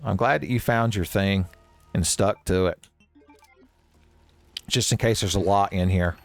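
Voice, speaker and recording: Man hosting a let's play; quick jokes, sudden high yelps, clean dry mic. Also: gravelly, no echo, faint music behind. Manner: jokey, swings into high excited yelps. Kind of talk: playful gameplay commentary.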